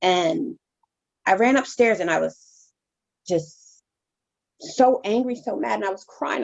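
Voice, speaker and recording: A woman reverend telling her personal testimony as an interview guest, in a halting, heartfelt way with many restarts. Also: mid-range voice, expressive, vocal fry, dull audio.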